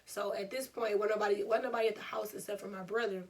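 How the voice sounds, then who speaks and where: A young woman, telling a storytime vlog in an animated, laughing way. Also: mid-range voice, quick pace, distant mic. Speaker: vlogger.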